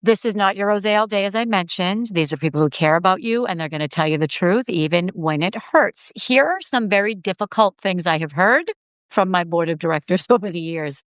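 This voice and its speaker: A middle-aged woman hosting a solo podcast, telling stories in a chatty, emphatic way with quick asides. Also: lowish voice, clean tone, no echo. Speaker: podcast host.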